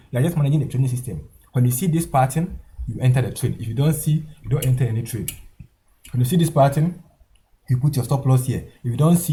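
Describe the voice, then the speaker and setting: In a dark-toned, mid-range voice, a man gives a screen-share forex lesson over a chart. He goes over his points again and again with emphasis, punctuating lines with "okay?" and "guys."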